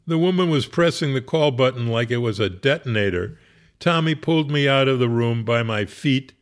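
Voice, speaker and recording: A man's voice: mid-range voice, expressive, moderate pace. Man telling a funny story. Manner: wry, conversational, laughs at his own story. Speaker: rabbi. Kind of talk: humorous storytelling.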